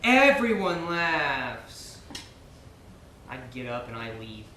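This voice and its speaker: A man's voice: fairly high pitch, sing-song, slow pace, noisy background. An actor in his thirties playing a frustrated, hurt gay man on stage, speaking with tense agitation. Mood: bitter. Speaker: visitor. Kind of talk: stage play acting. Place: theater stage. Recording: echoey stage, from far off, faint ambience.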